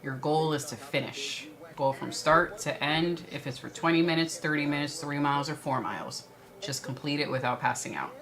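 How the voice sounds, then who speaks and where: A woman's voice: low-pitched, normal speed, crowd noise. A woman with a light Brooklyn accent co-hosting a livestream, chatting casually and answering viewer questions. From New York. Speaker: stream co-host.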